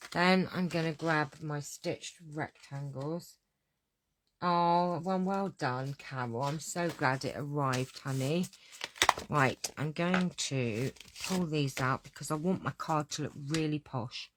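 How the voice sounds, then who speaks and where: A woman's voice: low voice, slow pace, background noise. A woman teaching a card-making tutorial, chatting to herself and scattered as she works. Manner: chatty, talks to herself while working, scatterbrained. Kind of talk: hands-on craft tutorial.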